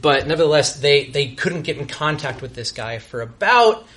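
A young man telling a self-mocking comic story on a live stage, halting and restarting as he goes. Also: a little high, big pitch swings, a bit bright. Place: live show before an audience.

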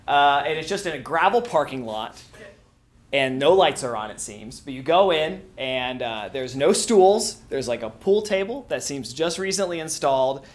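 A man's voice: medium pitch, animated, normal speed. A man from Missouri telling a funny story on stage, often laughing at his own tale. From Springfield, Missouri. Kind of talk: live comic storytelling.

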